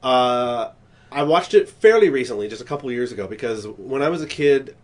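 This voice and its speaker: A man's voice: mid-range voice, a little fast. A man co-hosting a podcast in casual chat, rambling through stories and acting out the scenes he describes. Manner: animated storyteller acting out scenes; rambling with restarts. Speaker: podcast co-host.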